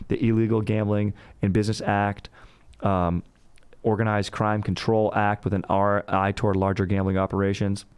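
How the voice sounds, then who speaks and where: Speaking in a low, smooth, darkish voice with no room sound, a man hosts a comedic history podcast. He tells the history casually, rambling, joking and swearing along the way.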